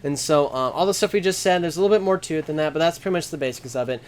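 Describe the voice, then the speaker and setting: A man's voice: fairly high pitch, rapid-fire. Man casually explaining airsoft radio basics. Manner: explains steadily, restarts and fillers, plain talk. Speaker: host. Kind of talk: casual instructional chat.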